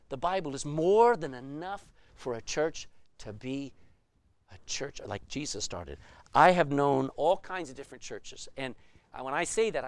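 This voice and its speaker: A man's voice: fairly high pitch, no echo. A man preaching a sermon as pastor, emphatic and full of rhetorical questions.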